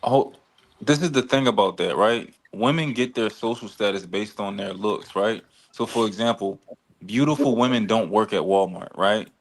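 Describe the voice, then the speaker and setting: A man's voice: fairly low pitch, normal speed. A man in a live-stream debate, insistently holding the floor. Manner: insistent, keeps saying hold on.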